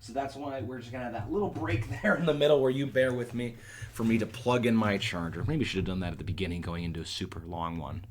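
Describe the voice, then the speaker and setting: A man's voice: medium pitch, quick pace, slight background noise. A man teaching Shakespeare, going line by line and restating it in plain, conversational words, thinking aloud as he goes, recorded on his own device. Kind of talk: casual line-by-line explanation. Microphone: self-recorded on a phone or laptop.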